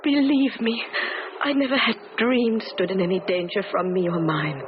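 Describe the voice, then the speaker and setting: A woman's voice: medium pitch, fairly even intonation, normal speed, background noise, close to an everyday voice. An actress playing a lonely, innocent young woman in a 1970s radio drama, pleading and emotional. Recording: tinny, phone-like old radio broadcast.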